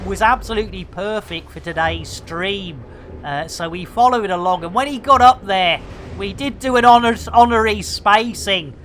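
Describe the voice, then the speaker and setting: Middle-aged British woman game streamer, unhurried, cheeky banter, faint hum behind. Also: medium pitch, a bit bright. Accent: British English. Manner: jokey, slangy banter with chat. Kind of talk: casual live commentary while playing.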